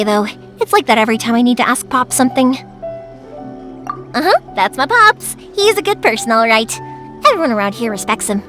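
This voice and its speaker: A spirited young fireworks maker in a game, energetic yet patient with her father. Her voice is very high and moves animatedly, with faint music underneath. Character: lively young woman, fireworks maker, caring daughter. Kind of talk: video game dub.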